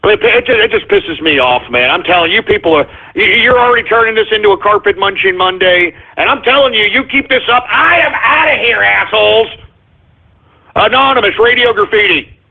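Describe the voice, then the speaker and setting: A high, husky man's voice that swoops all over as he rants and curses his way through a call-in radio show. He sounds constantly exasperated. The sound comes through thin and tinny, like a phone line. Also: expressive, fairly quick. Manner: exasperated, swearing, ranting.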